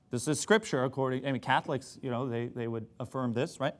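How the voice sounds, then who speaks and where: A man's voice: mid-range voice, fast, hardly any pauses. A man preaching a sermon to a congregation, sarcastic in places and emphatic in his points.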